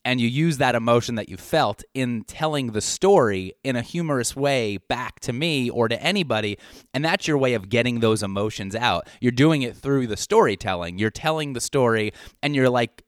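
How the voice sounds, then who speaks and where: A man's voice: medium pitch, fairly bright tone, dry recording, studio quality. A man in casual chat, speaking in a reflective, reassuring way with many fillers.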